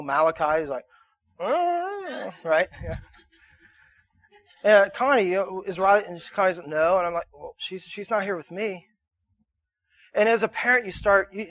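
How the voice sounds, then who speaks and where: A male pastor in his thirties preaching a conversational sermon to a room, repeating himself and rising to shouts in his stories. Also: high-pitched, dry recording. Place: church auditorium.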